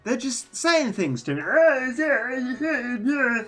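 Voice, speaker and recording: A streamer putting on the high, squeaky, stammering voice of a whiny, flustered video maker. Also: big pitch swings, unhurried, fairly bright tone, full character voice. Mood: squeaky protest.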